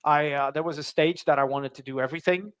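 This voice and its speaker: A man with a fairly high voice chats as a guest on a video call. He hesitates, restarts and leans on fillers as he talks. The sound is dry and close. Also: steady tone, fast, a bit bright, clean tone, no room sound. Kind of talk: casual interview chat.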